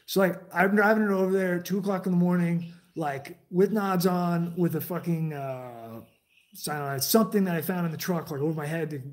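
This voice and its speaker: Rambling, profane man telling a story. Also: moderate pace. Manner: rambling, profane, many fillers and restarts; drops low and quiet when quoting others. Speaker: streamer telling a war story. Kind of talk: casual storytelling.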